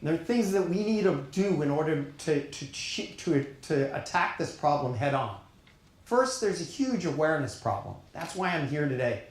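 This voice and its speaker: A middle-aged man with a New York accent giving an earnest, emphatic keynote speech at a conference, pausing deliberately for weight. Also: on the high side, very animated. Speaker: keynote speaker. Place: conference hall on stage. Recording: echoey conference hall.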